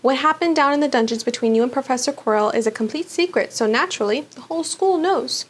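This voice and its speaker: Lady doing a kind old wizard headmaster, calm and polite, in no hurry. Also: high-pitched, fast talker, husky. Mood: kindly.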